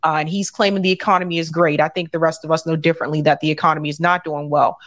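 A woman's voice: low-pitched, level tone, racing, no echo. A woman interviewer asking her guest direct, conversational questions.

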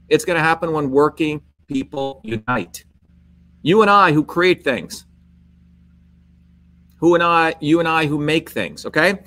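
A man's voice: on the high side, fairly bright tone. A man giving an impassioned, repetitive political monologue straight to his viewers, rallying them with emphatic points. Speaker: political speaker.

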